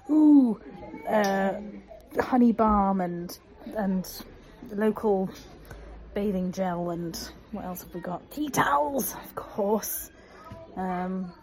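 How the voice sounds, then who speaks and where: Slow-talking chatty woman vlogging. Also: on the low side, darkish tone. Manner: enthusiastic, chatty, laughing asides. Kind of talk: casual vlog chat. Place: museum gift shop, indoors.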